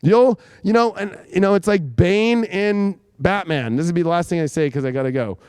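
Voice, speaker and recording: A man's voice: high voice, normal speed, a little mellow, clean tone, no room sound. A man hosting a live astrology talk, rambling and emphatic with frequent swearing. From United States. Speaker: astrologer host.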